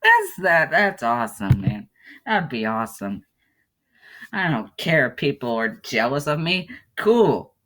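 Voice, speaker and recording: A man's voice: mid-range voice, huge pitch swings, a little slow, sharp tone. A man giving casual commentary on a web game, rambling and mocking himself, often breaking into laughter. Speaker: YouTuber playing a web game.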